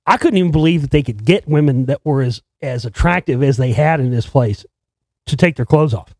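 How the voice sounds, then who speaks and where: A man's voice: medium pitch, animated, brisk, darkish tone, no echo. A man who makes films tells a rambling, profane story in a casual way, often restarting his sentences. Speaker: filmmaker telling a story.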